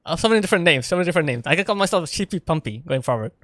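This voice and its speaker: A man's voice: fairly high pitch, lively intonation, very fast, a bit bright, no echo, studio quality. A man streaming a video game in casual chat, playful and laughing often as he talks with his viewers. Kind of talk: casual live gameplay chat.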